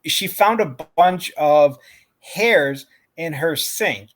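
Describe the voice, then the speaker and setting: A podcast co-host tells a story slowly in a fairly high, slightly bright voice. It's casual and profane, with frequent laughter and sentences he keeps restarting.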